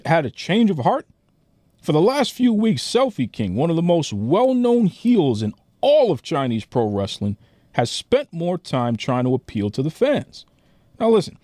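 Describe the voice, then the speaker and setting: A man hosting a podcast, pitching it like a showman, his voice swinging up and down. Recorded close and dry, with no room sound around him. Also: a little mellow, no echo. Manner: hype, showman-like. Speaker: podcast host.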